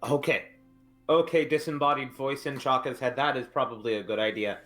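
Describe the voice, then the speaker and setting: A man's voice: mid-range voice, steady tone, fairly quick, fairly bright tone, faint music behind. A man playing a tabletop game, speaking playfully in character as a simple-minded giant. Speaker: player. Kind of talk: tabletop game role-play.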